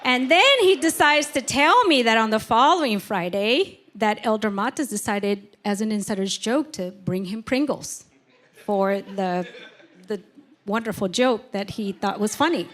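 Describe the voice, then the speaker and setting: A woman giving a personal testimony at church, speaking candidly and emotionally, halting often with fillers. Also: on the high side, expressive, a bit bright.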